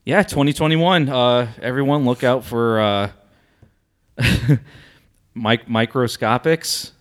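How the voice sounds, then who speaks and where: A man's voice: mid-range voice, slow pace. A man in casual podcast chat who laughs a lot and jokes drily.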